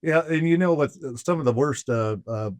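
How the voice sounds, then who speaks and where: An American man hosting a podcast, talking in a relaxed, casual way. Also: a little high, moderate pace, no room sound. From United States. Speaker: podcast host. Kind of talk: casual interview chat.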